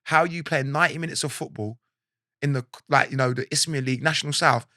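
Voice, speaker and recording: A man in his forties with a South London accent, telling animated stories from his life in a casual interview and acting out what others said. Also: medium pitch, fast talker, dry recording, clean studio sound. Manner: animated storyteller, acts out quotes, laughs often. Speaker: guest.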